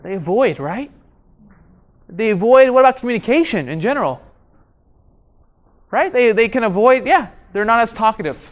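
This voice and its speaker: A man's voice: very high voice, lively intonation, moderate pace, long pauses, highs cut off. Guy running a training session, keeps quizzing the room, says stuff twice. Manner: questions the room, repeats key words. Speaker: communication trainer. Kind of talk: live workshop instruction.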